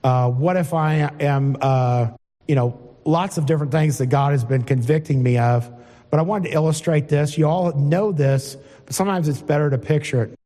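A middle-aged man preaches an informal sermon in a plain, conversational way and keeps turning to ask his listeners questions. His voice sits a little high for a man yet sounds mellow and dark. A long hall reverb trails after his words. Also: moderate pace. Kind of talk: informal sermon with Bible reading. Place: church hall before a congregation.

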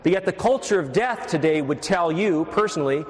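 A Catholic priest preaches in a church with echoey reverb, teaching steadily and making wry asides to the congregation. His fairly high voice is expressive and fairly quick, with few pauses.

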